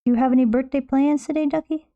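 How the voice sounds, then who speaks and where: A woman's voice: high-pitched, steady tone, fast, phone-quality sound. A young woman streaming, chatting casually and playfully with her chat as she draws, rambling and restarting her sentences.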